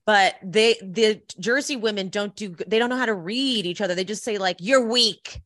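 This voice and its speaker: A woman's voice: medium pitch, fairly quick, a bit bright, no echo, studio quality. A woman hosting a podcast in casual chat, exasperated and swearing freely as she rants about reality TV. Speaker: podcast host.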